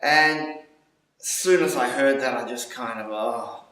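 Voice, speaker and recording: A man telling a vivid personal story, swearing and swinging his pitch as he acts out his own panicked thoughts. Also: unhurried, fairly bright tone, far from the mic. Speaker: storyteller recounting a seizure. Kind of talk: personal story told aloud. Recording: very echoey room, voice away from the mic.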